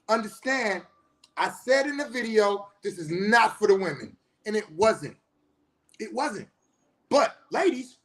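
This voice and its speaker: Fired-up man with AAVE speech. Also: high voice. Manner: passionate, blunt, heavy swearing, rising to shouts. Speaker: spiritual teacher and counselor. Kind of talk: impassioned profane monologue.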